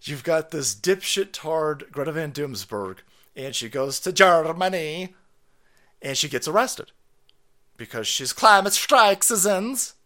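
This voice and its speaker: A man hosting a livestream, ranting loudly with sarcasm, constant cursing and frequent laughter. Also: a little high, big pitch swings, a little slow. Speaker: livestream host. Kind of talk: profane ranting commentary.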